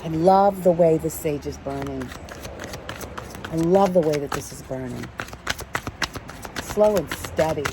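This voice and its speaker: Preachy, low-voiced woman reading cards. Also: unhurried, long pauses, noisy background. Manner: preachy, emphatic, repeats key phrases. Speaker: tarot card reader. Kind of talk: casual spiritual card reading.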